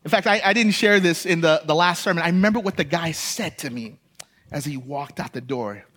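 A man in young adulthood delivers a sermon from the pulpit, with a notably high-pitched voice. He moves between quiet storytelling and rising, impassioned emphasis. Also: a little fast. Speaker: pastor.

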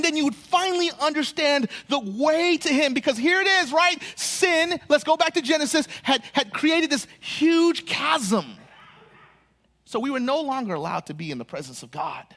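A male pastor preaching a sermon, animated, often repeating words as he restarts, swinging between quick bursts and slow, drawn-out emphasis. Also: very high voice.

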